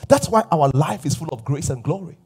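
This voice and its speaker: Husky, animated male preacher. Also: fairly high pitch, brisk, faint music behind. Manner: emphatic preaching with repeated refrains and sudden drops to a whisper. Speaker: pastor. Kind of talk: sermon.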